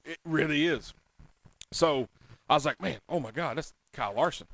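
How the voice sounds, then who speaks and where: A man hosting a casual talk show, telling a story in an animated, excitable, self-mocking way. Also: on the high side, normal speed, vocal fry, no echo. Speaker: podcast host.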